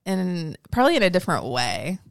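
A woman with a low, gravelly voice chatting on a podcast. She mostly gives short replies and hedges with fillers when she tells more. The recording is dry and close. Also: sing-song, brisk, no room sound. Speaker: podcast co-host. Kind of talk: casual chat. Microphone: studio podcast mic.

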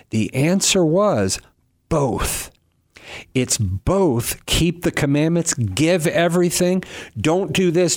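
A middle-aged man, a guest on a radio talk show, explaining Bible passages in a lively way and acting out quoted speakers. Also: mid-range voice, no room sound, studio quality. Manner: animated, acts out quoted speakers. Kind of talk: casual talk on Bible teaching.

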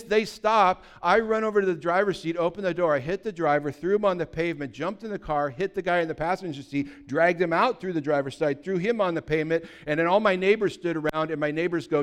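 A man in his fifties from California, a pastor telling a personal story in a lively, anecdotal way, with sudden loud bursts. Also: fairly high pitch, quick pace, few pauses, smooth. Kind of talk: sermon storytelling.

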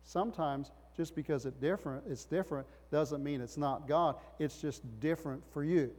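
A man's voice: on the high side, normal speed, a little mellow. A middle-aged man preaches a sermon, his somewhat raised voice climbing into emphatic bursts between rhetorical questions. He sounds like a pastor working a congregation. The sound rings out with a long reverb, as in a large hall.

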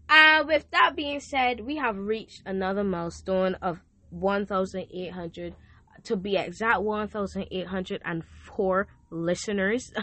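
A young woman hosts her podcast in a loose, casual way. She sounds heartfelt and emotional. She repeats her gratitude and speaks with warm faith. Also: medium pitch. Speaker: podcast host. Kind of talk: casual thank-you message.

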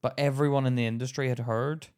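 Brief: male podcast co-host, 30s, mid-pitched, lively storyteller who gets loud when acting out arguments. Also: fast talker. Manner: animated storyteller, acts out heated quotes loudly. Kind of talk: casual chat.

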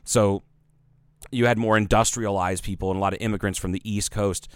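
A man's voice: fairly low pitch, fairly even intonation, fairly quick, smooth, no room sound, studio quality. A man co-hosting a podcast in casual chat, rambling with lots of fillers and swearing. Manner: rambling, profane, heavy filler words. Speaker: podcast co-host.

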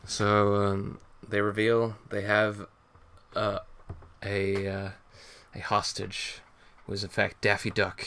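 A man with a low, gravelly voice walks through a comic page by page in loose, casual chat. He fills his sentences with fillers and swears freely as he explains. The recording carries a faint background hiss. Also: monotone, takes it slowly, pushed and bright. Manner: rambling, explanatory, many fillers and profanity. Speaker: co-host reviewing a comic.

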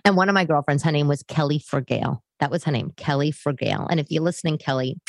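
A woman's voice: sits low, fast talker, no room sound. A woman with a New York-area accent hosting a casual chat podcast from her living room, rambling into tangents and asides as she talks. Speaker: podcast host and stand-up comic.

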